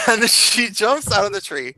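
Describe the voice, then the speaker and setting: A young man hosting a casual group chat, animated and laughing, acting out quotes with sudden jumps in pitch. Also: moderate pace. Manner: swears casually, laughs often. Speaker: host.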